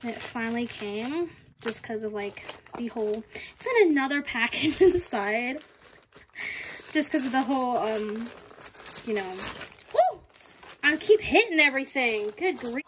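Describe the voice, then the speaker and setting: A young woman unboxing collectibles in a casual vlog, excitable and gushing, often giggling. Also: fairly high pitch, unhurried, long pauses, slight background noise. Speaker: vlogger.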